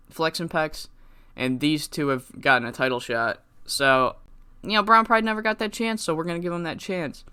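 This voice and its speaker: A man giving laid-back commentary over a video game playthrough. His voice sits a touch high and sounds bright and smooth. He rambles, swears casually and corrects himself mid-sentence. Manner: rambling, profane, self-correcting.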